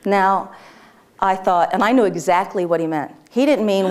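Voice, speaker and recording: A woman's voice: mid-range voice, moderate pace, a little mellow. A woman presenting a live workshop to an audience, chatty and informal, with lots of fillers and restarts and frequent laughter. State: tearful.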